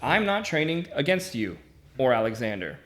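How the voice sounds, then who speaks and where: Encouraging male podcast host, mid-pitched. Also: big pitch swings, moderate pace, a bit bright. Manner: encouraging, reflective. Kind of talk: casual conversation.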